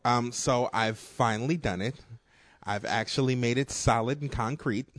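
A man's voice: medium pitch, moderate pace, no room sound. A man co-hosting a podcast, telling rambling stories in casual chat, full of fillers and swearing. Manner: profane, rambling storyteller with frequent fillers. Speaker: podcast co-host.

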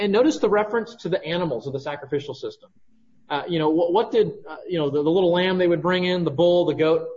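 A man's voice: on the high side, a little mellow, muffled recording. A man preaching a sermon, teaching through a scripture passage verse by verse and checking in with listeners with frequent "right?" asides. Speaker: pastor.

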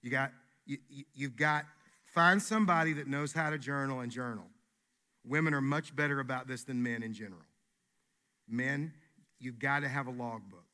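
A man's voice: mid-range voice, moderate pace, sharp tone. A man preaching a sermon as pastor, emphatic and folksy, repeating his key phrases.

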